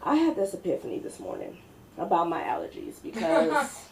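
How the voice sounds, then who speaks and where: Lively woman hosting a comedy open mic. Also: mid-range voice, moderate pace, creaky, a little hiss or hum. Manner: chatty, playful, laughs at her own jokes.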